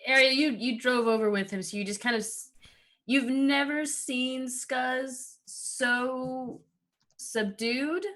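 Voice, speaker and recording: Woman player, slow, bright tone, halting with fillers. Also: high-pitched. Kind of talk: casual play narration.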